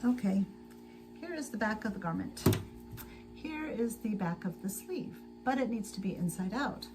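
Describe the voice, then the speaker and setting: A tired woman hosting a casual sewing livestream, chatting slowly to viewers and to herself as she works. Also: medium pitch, lively intonation, music in the background, low-quality recording. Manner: slow, chatty, talks to herself while working. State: tired and sleepy.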